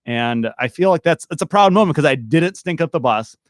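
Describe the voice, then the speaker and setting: A man's voice: a little high, lively intonation, a little fast, no room sound, clean studio sound. Candid, reflective man hosting a podcast. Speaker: podcast host. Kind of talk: casual chat.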